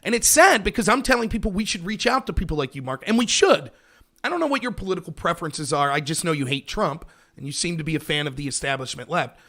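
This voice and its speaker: Man, political commentary livestream host, sarcastic, animated, high voice. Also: fast talker. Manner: sarcastic, animated, mocks opponents. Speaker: host of a political talk show.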